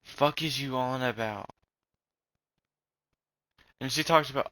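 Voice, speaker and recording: Young man, slight Southern accent, bright sharp tone, dry close sound, rambling and swearing. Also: medium pitch, slow, no echo, rough recording. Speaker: vlogger. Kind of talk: rambling casual rant.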